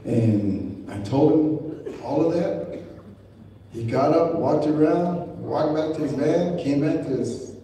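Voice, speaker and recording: A man's voice: fairly high pitch, slow pace, mellow, slight background noise. A man telling a personal story to an audience, plain-spoken and acting out the voices he quotes. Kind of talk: storytelling speech. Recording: echoey hall recorded from a distance.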